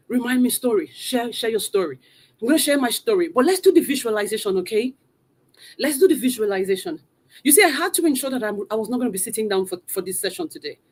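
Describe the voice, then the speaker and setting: Husky, high-voiced woman coach rallying an audience. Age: adult mother of three. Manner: energetic, urging, repeats calls to the audience. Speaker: motivational coach hosting a virtual event. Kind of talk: live online motivational session. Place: room at home, not a studio.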